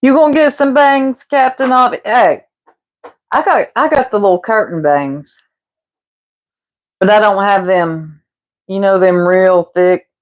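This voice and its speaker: Speaking a little slowly with long pauses in a mid-range voice, a woman gossips with her livestream chat while cooking. She laughs, teases, and calls her viewers "y'all."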